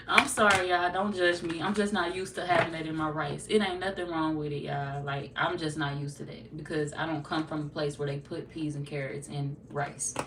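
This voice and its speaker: A woman's voice: low voice, fairly even intonation, normal speed. A young woman with a St. Louis accent, chatting casually with her livestream viewers, loose, profane and joking. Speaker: tarot livestream host. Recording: roomy, distant from the mic, light noise.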